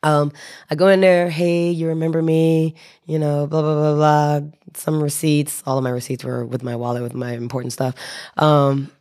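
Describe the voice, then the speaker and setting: A young woman telling a personal travel story in casual conversation. She is animated, often corrects herself and laughs as she goes. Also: sits low, moderate pace. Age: young adult.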